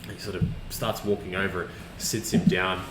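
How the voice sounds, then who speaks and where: A man's voice: low voice, flat delivery, normal speed. A man narrating as game master of a tabletop game, rambling with many restarts. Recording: echoey room with background hiss.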